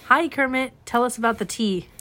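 A woman's voice: a little high, fairly quick, bright, forceful tone, dry recording. A woman hosting a casual comic interview. She asks questions in a playful way, and the recording is dry and close. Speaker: host.

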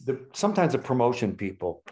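An older man in his sixties recounting stories from his past with a lively, storytelling manner. He jumps into the voices of the people he quotes, keeping the chat loose and conversational. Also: medium pitch, a little fast, husky. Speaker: guest. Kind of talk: casual storytelling.

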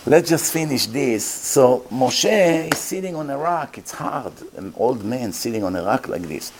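A man's voice: mid-range voice, animated, unhurried, darkish tone, a little hiss or hum. A man, a rabbi telling a story in a lecture, acting out the voices of the people in it and laughing often.

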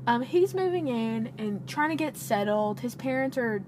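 A woman's voice: a little high, moderate pace. A young woman co-hosting a podcast, chatting casually and telling stories with laughter. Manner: animated, laughing, playful storytelling. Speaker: podcast co-host. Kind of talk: casual chat. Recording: background noise.

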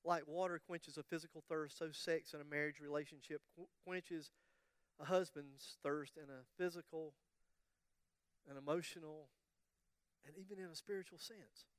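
High, smooth-voiced male preacher. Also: moderate pace, dry recording, studio quality. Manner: animated storytelling, acts out quoted voices, humorous asides. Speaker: pastor. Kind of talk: sermon.

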